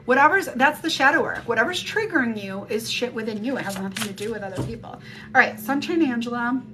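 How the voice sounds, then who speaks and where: A woman gives a casual psychic reading on a live stream through a phone mic, rambling, blunt and swearing freely. Her voice is a little high, expressive and fast, and music plays in the background.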